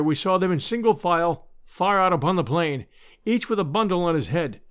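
Expressive, high-voiced male audiobook narrator. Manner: expressive storytelling, measured. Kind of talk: scripted narration.

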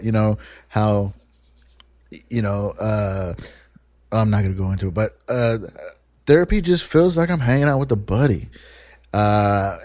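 A man's voice: on the low side, darkish tone, no echo, studio quality. A man hosting a solo podcast, talking in a rambling, candid way and swearing freely. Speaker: podcast host. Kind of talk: casual solo podcast monologue.

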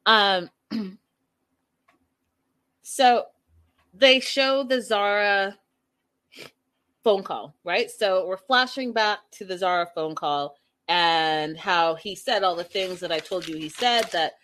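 A woman hosting a casual live-stream recap, chatty and animated, talking straight to her viewers. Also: mid-range voice, takes it slowly, pauses often. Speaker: reality show recap host.

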